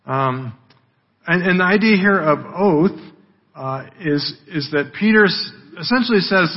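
Husky-voiced male preacher, conversational. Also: high voice, expressive, measured pace. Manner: conversational, with frequent "right?" tags. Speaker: pastor. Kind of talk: sermon. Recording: dull lo-fi recording.

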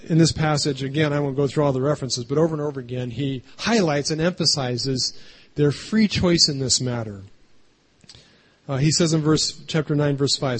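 A man delivering a sermon in a loose, conversational way, often tagging his points with a quick "right?". His voice is husky and sits fairly high. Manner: chatty, keeps adding "right?". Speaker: pastor.

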